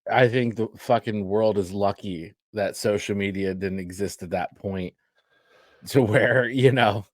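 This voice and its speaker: A man co-hosting a casual podcast, deadpan and loose with swearing. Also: on the low side, measured pace, no echo, studio quality. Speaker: podcast co-host. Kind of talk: casual chat.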